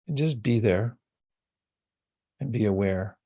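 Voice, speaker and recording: A man giving a spiritual talk and a guided meditation, speaking slowly, calmly and soothingly with long pauses. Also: fairly low pitch, husky. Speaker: spiritual teacher.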